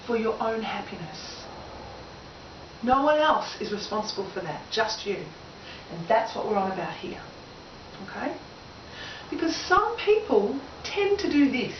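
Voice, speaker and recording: Lively Australian woman seminar presenter. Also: fairly high pitch, a little hiss or hum. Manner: lively, engaging, asks audience questions. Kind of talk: motivational seminar talk. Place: room with an audience. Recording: roomy, distant, lo-fi camera audio.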